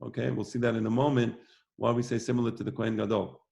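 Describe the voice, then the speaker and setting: Brief: male teacher, gravelly mid-pitched voice, relaxed lecturing, repeats himself for emphasis. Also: fast talker. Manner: conversational, repeats phrases for emphasis. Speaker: rabbi teaching a weekly class. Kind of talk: informal lecture.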